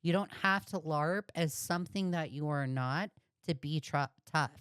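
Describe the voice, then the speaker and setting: A woman's voice: deep voice, normal speed, fairly bright tone, smooth, no echo, studio quality. A woman giving blunt, profane, heated reaction commentary on a video she is watching. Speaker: reaction streamer.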